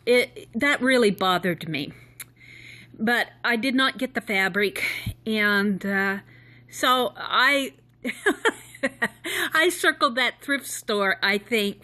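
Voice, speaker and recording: Slow-talking chatty woman on a phone. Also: on the high side, bright, forceful tone. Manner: rambling, chatty, with self-conscious laughs. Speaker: vlogger. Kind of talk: casual phone chat. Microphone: phone held in hand.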